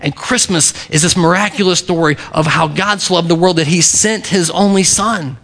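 Gravelly-voiced man preaching a sermon. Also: high voice, moderate pace, fairly bright tone. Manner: earnest preaching, repeats key phrases, varies pace for emphasis. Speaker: pastor.

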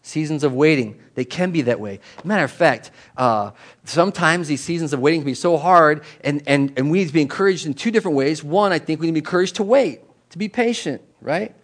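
Middle-aged male pastor, slightly high voice, chatty conversational sermon with sudden animated rises. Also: brisk. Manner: chatty, with repeated words and asides.

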